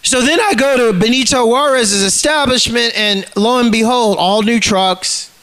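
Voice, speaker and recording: High-voiced man in an agitated, profane rant. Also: moderate pace, fairly bright tone. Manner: profane, agitated, repeats himself. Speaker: vlogger. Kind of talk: ranting monologue to camera.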